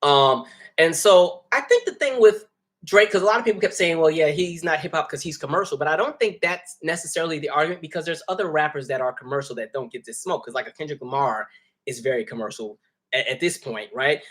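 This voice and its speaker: A man hosting a casual live stream, reading viewer comments and talking freely, animated and laughing often. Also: a little high, fairly quick. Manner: animated, laughs often, jumps between soft asides and loud bursts. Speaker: host.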